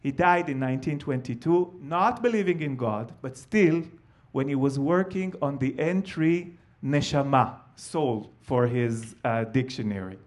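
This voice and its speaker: A man, a Hebrew speaker, telling a family story with animated delivery and frequent fillers. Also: mid-range voice, measured pace. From Israel. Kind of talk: live storytelling talk.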